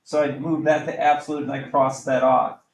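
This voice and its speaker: A middle-aged man teaching a high school math class, casual and self-correcting, often asking the class questions. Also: little pitch movement, moderate pace, vocal fry, a little hiss or hum. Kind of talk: classroom lecture.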